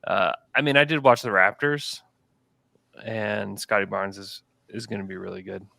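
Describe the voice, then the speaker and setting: A man's voice: lowish voice, steady tone, normal speed, creaky, sharp tone, dry recording, studio quality. A man co-hosting a casual sports podcast, talking in a rambling, laid-back way with lots of fillers. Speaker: podcast co-host.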